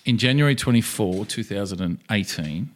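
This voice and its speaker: A man's voice: fairly low pitch, expressive, normal speed. A man co-hosting a podcast, chatting casually in a rambling, jokey way. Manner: rambling, jokey, trails off and restarts. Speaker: podcast co-host. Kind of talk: casual chat.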